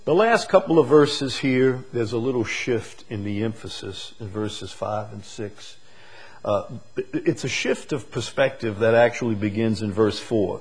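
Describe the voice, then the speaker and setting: A man preaching a sermon, moving from quiet, slow reflection to loud, emphatic declarations. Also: medium pitch, very animated, breathy edge. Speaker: pastor.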